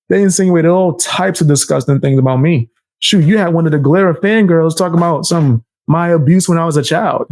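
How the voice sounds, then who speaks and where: A man giving casual reaction commentary on clips, animated and slangy, often breaking into laughs. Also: on the high side, vocal fry, dry recording, clean studio sound.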